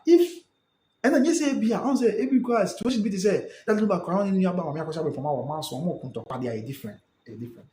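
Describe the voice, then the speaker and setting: A Ghanaian man hosts a live stream, reading viewer comments aloud and answering them in a blend of English and Twi. His voice sits a little high and rises and falls a lot as he reacts. The room around him echoes. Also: darkish tone. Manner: mixes English with Twi, reacts and repeats phrases.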